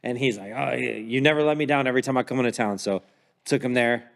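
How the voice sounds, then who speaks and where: Fast-talking man telling stories. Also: mid-range voice, creaky, big-room sound. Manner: storytelling, acts out quotes. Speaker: podcast co-host. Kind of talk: casual chat.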